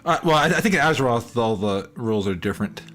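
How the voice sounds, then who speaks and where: A man hosting a casual gaming podcast, playful and quick to giggle. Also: mid-range voice, lively intonation, a bit bright, faint music behind. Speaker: podcast host.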